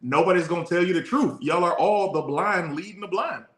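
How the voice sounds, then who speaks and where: A man co-hosting a relationship podcast. He gives blunt, casual advice and tells stories in an animated, slangy way. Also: high voice, a little fast. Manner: frank, animated storytelling with slangy asides. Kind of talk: casual chat. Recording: echoey room.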